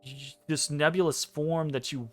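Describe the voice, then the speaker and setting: A man narrating a dream scene as game master of a tabletop game, measured and hesitant, pausing between phrases. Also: a little high, steady tone. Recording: soft music behind.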